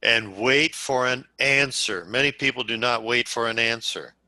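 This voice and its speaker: Brief: male sales trainer, bright forceful tone, dry close sound, deliberate pacing, acts out example calls. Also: medium pitch, no room sound, low-quality recording. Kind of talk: coaching talk to a group.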